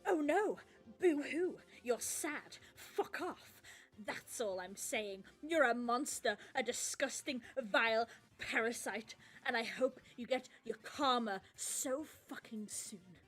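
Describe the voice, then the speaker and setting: A woman's voice: a little high, animated, takes it slowly, a bit bright, soft background music. A woman in an angry, emotional rant, swearing bitterly, her voice at times breaking toward tears. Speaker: person venting in a played voice clip.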